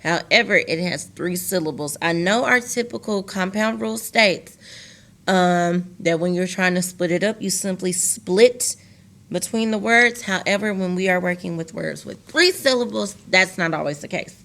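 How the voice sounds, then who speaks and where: A woman teacher recording a lesson for young students, slowly sounding out words syllable by syllable and talking to the class directly. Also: lowish voice, creaky, fairly bright tone.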